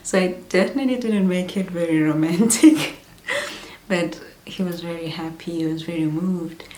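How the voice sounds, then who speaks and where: A woman in her thirties, candidly chatting through a personal pregnancy vlog, sometimes dropping into soft whispery asides. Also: fairly low pitch. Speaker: vlogger. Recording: echoey room with faint hum.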